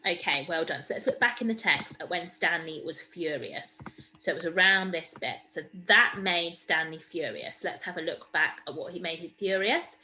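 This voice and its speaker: Woman teacher, recorded reading lesson, encouraging, lowish voice. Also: normal speed, bright, forceful tone, rough recording. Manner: encouraging, explains step by step. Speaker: primary school teacher.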